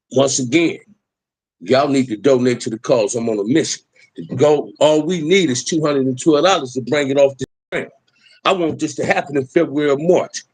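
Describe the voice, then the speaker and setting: A man's voice: mid-range voice, slightly rough, no room sound, poor audio. A middle-aged man, talking emphatically in a preachy street style as host of a livestream. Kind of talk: impassioned livestream talk.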